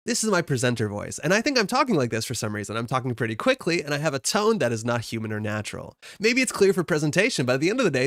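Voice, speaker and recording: A man mimicking his own over-polished YouTube presenter voice, fast and sing-song. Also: fairly high pitch, a bit bright, no room sound, studio quality, pitched above the performer's own voice. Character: over-bright male YouTube presenter, peppy and slick. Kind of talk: mock YouTube intro.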